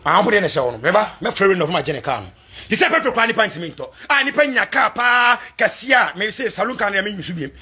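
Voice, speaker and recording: A Ghanaian man delivering a fiery vlog rant to supporters, switching between Twi and English and breaking into shouts. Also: sits high, animated, quick pace. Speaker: political commentator addressing supporters abroad.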